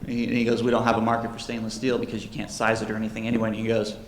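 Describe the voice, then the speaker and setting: A man's voice: lowish voice, completely flat delivery, very fast. Man telling shop stories in a roomy hall. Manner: jokey, acts out customers and his dad in raised voices. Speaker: jeweler giving a convention panel talk. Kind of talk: casual storytelling to an audience. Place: convention panel room. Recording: roomy hall with faint background noise.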